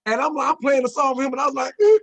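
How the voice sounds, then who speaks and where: A man's voice: extremely high pitch, flat delivery, rapid-fire, sharp tone. A man in his forties, co-hosting a casual chat, talking in an emphatic, confiding way full of short affirmations.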